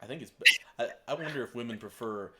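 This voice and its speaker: A man's voice: medium pitch, quick pace. A man with a Texas accent, co-hosting a podcast and telling a rambling anecdote full of fillers. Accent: Texan. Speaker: podcast co-host. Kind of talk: casual storytelling.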